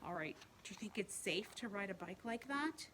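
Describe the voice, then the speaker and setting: A woman reading a picture book aloud at a library storytime for young children, pausing to ask them questions. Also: medium pitch, lively intonation, slight background noise. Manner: gentle, asks children questions while reading. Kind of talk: bedtime storytime read-aloud. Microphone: home video recording.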